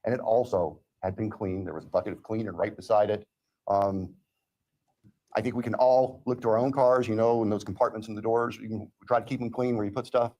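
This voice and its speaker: A man speaking as a prosecutor in court, delivering a formal, measured legal statement. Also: on the low side, fairly even intonation, darkish tone.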